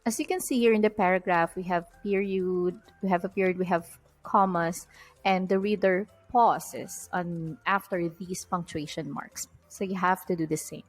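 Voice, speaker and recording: A woman's voice: lowish voice, steady tone, normal speed, soft background music, rough recording. Woman teaching a test-prep lesson. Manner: explanatory, stresses key terms. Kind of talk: recorded lecture.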